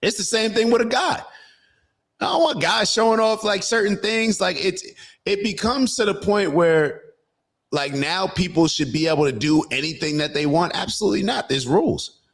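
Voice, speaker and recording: A man's voice: sits high, lively intonation, normal speed, fairly bright tone. A man hosting a casual political podcast, thinking aloud with lots of fillers and restarts. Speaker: podcast host.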